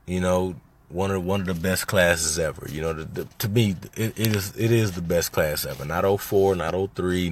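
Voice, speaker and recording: A man in his thirties from Little Rock, Arkansas, hosting a podcast in a loose, conversational storytelling style that gets heated and emphatic. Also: sits low. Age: 30s. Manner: loose and conversational, turns heated and emphatic when recounting frustrations. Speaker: podcast host. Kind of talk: casual storytelling monologue.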